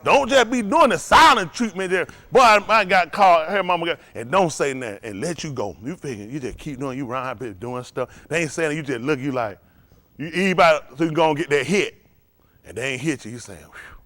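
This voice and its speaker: A man preaching, his voice sitting a little higher than most men's. He delivers the sermon with lively energy and acts out little scenes in different voices. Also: fairly quick, no echo. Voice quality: animated preaching with acted-out voices, laughing and shouting at times. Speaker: pastor.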